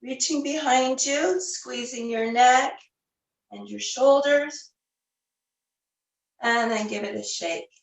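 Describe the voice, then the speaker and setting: A woman teaching a yoga class, giving gentle, unhurried cues with the odd filler. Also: high-pitched, vocal fry, distant mic. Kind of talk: guided yoga class instruction. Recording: roomy, voice a bit off the mic.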